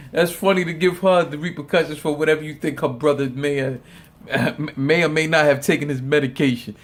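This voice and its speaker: A man's voice: a little high, fairly even intonation, moderate pace, long pauses. Man giving loose profane rap commentary. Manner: loose and profane, repeats words, laughs often. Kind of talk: casual opinion commentary.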